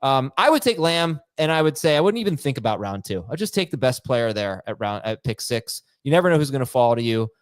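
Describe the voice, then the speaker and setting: A man's voice: medium pitch, sing-song, a little fast, few pauses, no room sound. A man hosting a podcast, joking with co-hosts and reading listener emails aloud. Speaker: podcast host. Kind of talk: casual chat.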